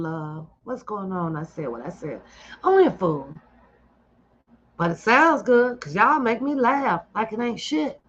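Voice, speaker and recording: A woman's voice: medium pitch, a bit bright. A middle-aged woman hosting a live stream, talking casually and bluntly to her viewers, swearing and laughing often. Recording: dull lo-fi stream audio.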